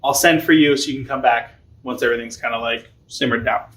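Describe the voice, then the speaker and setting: A man's voice: medium pitch, steady tone, fast, a bit bright, pitched below the performer's own voice, lightly acted. A scheming mother coaxes and sighs with theatrical weariness, as a man lightly puts her on while retelling. She speaks plainly and is a little dramatic. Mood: coaxing.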